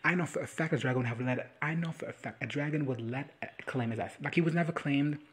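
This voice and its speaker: A young man giving a crude, sassy comedic recap of a TV episode, acting out the characters in quick impressions. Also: fairly high pitch, husky. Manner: crude, sassy running commentary with voiced impressions. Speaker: reaction video commentator.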